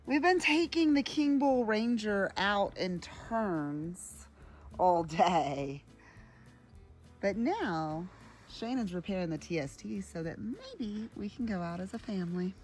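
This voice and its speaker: Lively cheerful woman vlogging. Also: mid-range voice, slow, faint music behind. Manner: cheerful, talks to viewers as "guys". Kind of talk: casual travel vlog chat.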